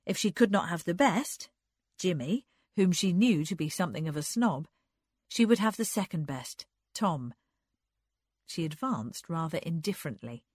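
A woman narrating a novel in a measured, even reading. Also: fairly low pitch, slightly rough, no echo, clean studio sound. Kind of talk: scripted narration, audiobook.

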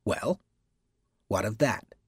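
A man voicing an irritable, moody male novelist who speaks curtly and growls, in a husky voice. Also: on the low side, expressive, slow, no echo, clean studio sound, full character voice. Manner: curt and growling.

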